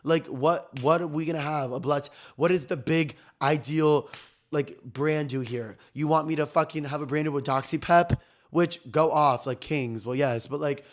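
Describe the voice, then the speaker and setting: A young man hosting his own podcast, telling a story in an animated, slangy, gossipy way, often jumping between loud and soft. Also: a little high. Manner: animated, slangy and gossipy, with quick swings in loudness. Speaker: podcast host. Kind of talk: casual storytelling chat.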